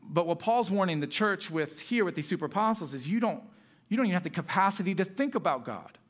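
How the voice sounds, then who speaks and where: A man's voice: sits high, expressive, fast talker. A young adult man, a pastor, preaching a sermon with earnest emphasis and reading scripture aloud.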